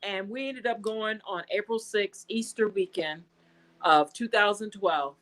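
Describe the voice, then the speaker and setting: An American woman being interviewed, telling a personal story in a casual, animated way and acting out the dialogue she quotes. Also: medium pitch, a little slow, poor audio. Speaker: guest.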